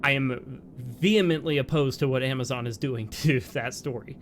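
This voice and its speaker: A man's voice: mid-range voice, moderate pace, a little hiss or hum. A man co-hosting a let's play, chatting casually and laughing often, with lots of "like"s between his points. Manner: animated, laughs often, talks in bursts with many "like"s. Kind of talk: casual gameplay commentary.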